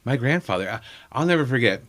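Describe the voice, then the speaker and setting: A man's voice: medium pitch, lively intonation, fast, fairly bright tone. A middle-aged man telling rambling, self-deprecating family anecdotes in a casual chat, acting out the people he quotes. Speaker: comedian guest.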